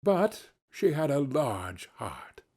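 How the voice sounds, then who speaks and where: A man voicing a gentle, solemn spirit, speaking quietly and in a measured way in a storybook reading. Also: on the high side, very animated, slightly rough, heavily acted.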